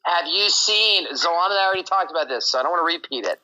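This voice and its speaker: A man chatting and teasing friends on a group live stream, quick and excitable. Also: a little high, poor audio. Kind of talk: casual chat on a group stream.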